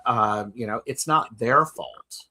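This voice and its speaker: A man's voice: medium pitch, slow pace, sharp tone. A man hosting a casual chat, telling a story and repeating words as he gathers his thoughts. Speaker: host.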